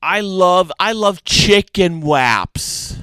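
A man's voice: high voice, animated, drawn-out words, a bit bright, clean tone, dry recording. A man hosting a playful homemade radio show, with goofy, repetitive banter.

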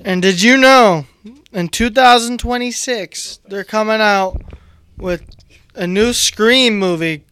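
A man's voice: high-pitched, slow, bright, forceful tone, smooth, no room sound. A man speaking as a radio DJ in upbeat, chatty talk. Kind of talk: casual radio chat.

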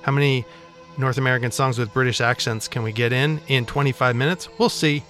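A male radio DJ talking into a studio mic, joking at his own expense as he rambles through back-announcements. His pitch sits in the middle of the range, and faint music plays underneath. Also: fairly quick, a bit bright. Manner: wry, self-mocking, rambling asides.

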